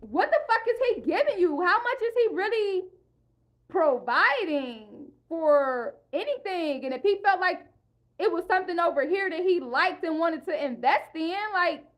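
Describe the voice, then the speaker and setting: A woman's voice: very high voice, lively intonation, a little slow. A young woman vlogger in a heated, profane rant, repeating herself and speaking in an African American English style. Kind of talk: ranting monologue.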